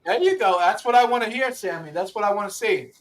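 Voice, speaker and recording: A man with a New York accent hosts a casual livestream chat. His voice sits notably high for a man, and he talks in a brash, profane, repetitive way. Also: animated, quick pace, recorded from a distance. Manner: brash, loud and repetitive, swearing often. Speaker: livestream host.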